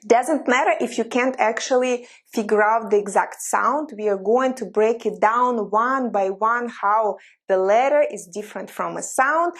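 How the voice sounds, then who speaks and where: A woman with a Russian accent, a native Russian speaker, teaching an informal language lesson and often repeating her phrases as she explains. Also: on the high side. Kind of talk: casual spoken lesson.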